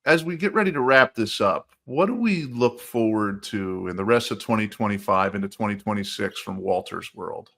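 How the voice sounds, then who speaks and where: A man hosting an interview, asking relaxed, casual questions. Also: on the low side, normal speed, vocal fry, hardly any pauses. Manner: relaxed, brief prompts and backchannels. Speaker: interview host.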